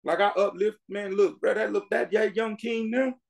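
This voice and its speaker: A man from Miami talking as a podcast guest, his voice gravelly with fry. He speaks in an emphatic, sermon-like way, calling his listener bro and driving his points home. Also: sits high, steady tone, normal speed. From Miami, Florida. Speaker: music artist guest. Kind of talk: casual podcast interview.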